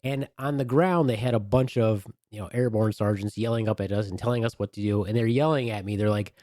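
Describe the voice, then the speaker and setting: A man on a podcast telling an animated story with crude humor in a casual way. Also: mid-range voice, quick pace, no room sound, studio quality. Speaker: podcast co-host.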